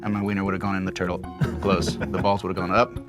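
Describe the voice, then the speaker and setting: Guy rattling off a wild story fast, lots of swearing. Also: low-pitched, flat delivery, music in the background. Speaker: actor telling a story in an interview. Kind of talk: animated anecdote.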